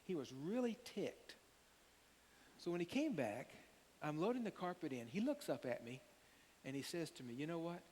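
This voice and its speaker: An older man preaching a sermon as pastor, an animated storyteller who acts out the quotes. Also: fairly high pitch, moderate pace, long pauses. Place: church sanctuary. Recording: long hall reverb, faint hiss.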